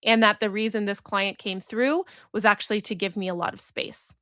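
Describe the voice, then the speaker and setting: A woman's voice: medium pitch, fairly even intonation, moderate pace, a bit bright, dry recording, clean studio sound. A woman hosting a solo podcast, telling a story in an earnest, reflective way and acting out the voices she quotes. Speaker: podcast host and business coach.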